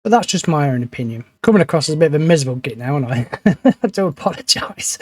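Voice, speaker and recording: A man's voice: a little high, animated, fast, darkish tone, no echo. A man commenting on his own gameplay in a chatty, grumbling way, swearing now and then when frustrated. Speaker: gaming channel host. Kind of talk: let's play commentary.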